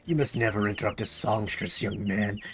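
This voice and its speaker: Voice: low-pitched, fairly even intonation, a little fast, soft background music. A streamer voicing a haughty female bird mascot who sees herself as a star singer, speaking in a pompous, theatrical way. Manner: pompous, theatrical, put-upon.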